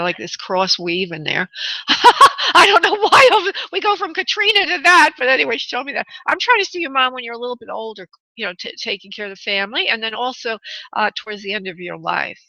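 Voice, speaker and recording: A bright, crisp-sounding woman gives a psychic reading over the radio, speaking gently to the caller. Her voice is close and dry, with a slightly dull, muffled broadcast sound. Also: mid-range voice, no room sound. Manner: soothing, calls caller honey and sweetheart. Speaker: psychic medium radio host. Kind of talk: live call-in reading. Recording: muffled radio phone-in audio.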